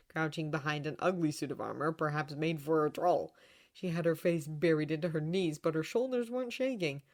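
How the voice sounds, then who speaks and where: A woman narrating fan fiction as an audiobook reader, telling the story expressively. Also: sits low. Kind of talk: reading fan fiction aloud.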